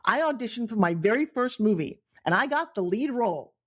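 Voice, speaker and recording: A middle-aged woman from New York with a New York accent, telling her own life story on a podcast in an animated way, acting out the people she quotes. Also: on the high side, a little fast, slightly rough. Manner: animated, acts out quoted voices, frequent restarts. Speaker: guest storyteller.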